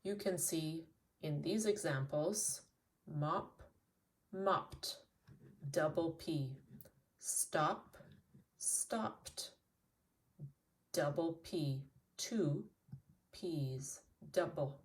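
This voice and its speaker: A woman from Canada teaching an English lesson, repeating words slowly and clearly. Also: deep voice, distant mic. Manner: slow, deliberate repetition of single words.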